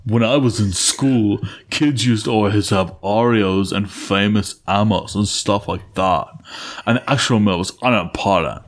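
A man's voice: lowish voice, a little slow. A man voicing a casual young male letter writer in a laid-back, drawling way.

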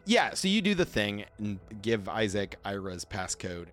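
A man's voice: on the low side, sing-song, measured pace, fairly bright tone, faint music behind. A man running a science-fiction tabletop game as game master, describing scenes in nerdy detail and laughing often. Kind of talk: narrating a sci-fi tabletop game.

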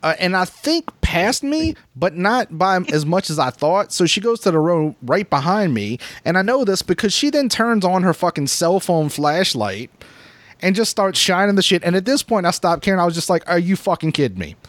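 A man's voice: high voice, very animated, moderate pace, fairly bright tone, dry recording. A man co-hosting a comedy podcast, telling a profane story with acted-out quotes. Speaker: podcast co-host.

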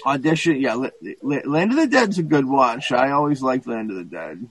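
A man in casual podcast chat, retelling a film plot in a rambling, profane and animated way, with many restarts. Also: mid-range voice, normal speed, breathy edge, no echo, rough recording.

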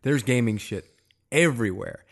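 A man's voice: mid-range voice, normal speed. A man co-hosting a casual chat, telling a rambling story with lots of restarts and fillers. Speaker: podcast co-host.

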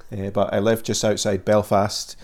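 A man in his forties from Scotland, with a Scottish accent tinged with Northern Irish, explaining the work of a Christian charity as a guest in steady, formal answers. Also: on the low side, moderate pace. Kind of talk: measured interview answers.

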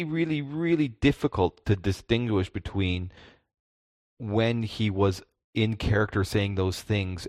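A deep-voiced man chats about game mastering, restarting his sentences with little stammers. His voice is recorded close and dry, with no room sound around it. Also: no echo. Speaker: podcast co-host, game master. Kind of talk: casual chat.

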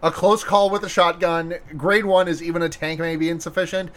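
A man co-hosting a podcast in casual chat, relaxed, laughing often and swearing casually. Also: a little high, brisk. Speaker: podcast co-host.

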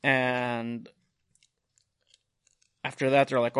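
A man's voice: mid-range voice, steady tone, normal speed, a bit bright. A young man on a casual podcast, telling a long rambling story full of swearing and quoted dialogue. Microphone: studio mic.

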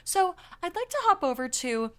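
A woman hosting a casual podcast, chatting quickly with plenty of "like" fillers and reading articles aloud. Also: very high-pitched, very animated. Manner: chatty, fast, full of "like" fillers and laughs. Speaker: podcast host.

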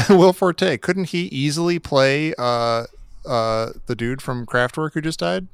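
Smooth-voiced man chatting haltingly. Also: on the high side, dry recording, studio quality. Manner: halting, restarts a lot, laughs easily. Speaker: podcast co-host. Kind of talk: casual chat.

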